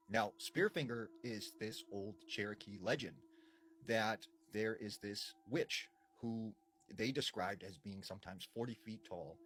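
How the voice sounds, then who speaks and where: A man narrating a spooky folklore story, drawing out suspense with dramatic pauses and casual fillers. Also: fairly low pitch, a bit bright, slight background noise.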